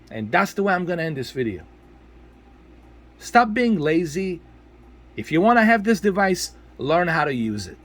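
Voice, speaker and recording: A man with a high-pitched voice ranting at his audience in a video commentary. His pitch swings widely as he scolds, exasperated, and hammers his points by repeating them. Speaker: tech video creator.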